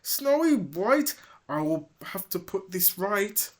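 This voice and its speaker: A man voicing a vain, jealous male cat who bursts out in shrill indignation, in a storybook reading. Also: expressive, moderate pace, close to an everyday voice. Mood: outraged. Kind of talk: storybook read-aloud.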